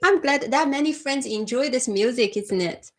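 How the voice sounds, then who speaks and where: A woman from China with a Chinese accent, hosting a casual livestream chat and answering viewers' comments in a soft-spoken way, often calling them her friend. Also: high-pitched, normal speed. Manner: soft-spoken, frequent restarts and laughs, addresses viewers as my friend. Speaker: livestream host.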